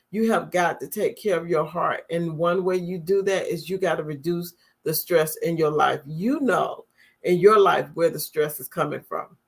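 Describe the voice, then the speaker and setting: Earnest woman host giving heart-health advice. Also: lowish voice. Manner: earnest, repeats her points as direct advice. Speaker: talk show host. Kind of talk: motivational talk to viewers.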